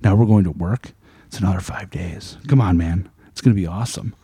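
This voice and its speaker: A man's voice: sits low, fairly quick, mellow, slightly rough, dry recording, studio quality. A man, a store manager, telling rambling stories with frequent laughter in casual chat.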